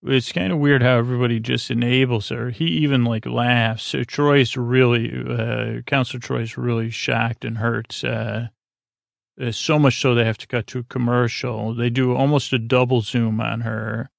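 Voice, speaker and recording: Gravelly flat-voiced man rambling sleepily. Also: mid-range voice, moderate pace, no echo. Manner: meandering, full of uh fillers. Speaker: podcast host. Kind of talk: rambling sleepy episode recap.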